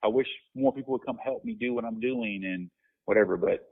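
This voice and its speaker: A low-voiced man with a husky edge tells a story, circling back on himself with restarts and fillers. He sounds reflective and unhurried. The audio is thin and tinny, like a phone line. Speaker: guest minister. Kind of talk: conversational podcast interview.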